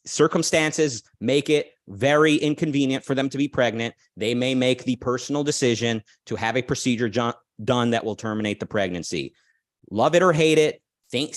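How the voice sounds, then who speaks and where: A man hosting a political commentary show, talking in an opinionated, animated way with frequent restarts and quick "right?" asides. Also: medium pitch, no echo, clean studio sound. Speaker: podcast host.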